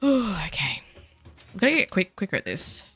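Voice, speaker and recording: A woman's voice: medium pitch, very animated, moderate pace, gravelly, a bit bright, husky, faint music behind. A woman chatting casually with her viewers while she plays, self-deprecating and easily sidetracked. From Australia. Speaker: game streamer. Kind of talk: casual chat while gaming.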